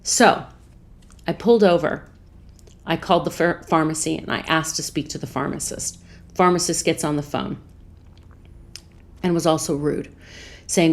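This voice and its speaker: Lowish-voiced woman telling a personal story. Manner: animated retelling, acts out both sides of a conversation; earnest, calm, measured. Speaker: podcast host. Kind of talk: storytelling podcast talk.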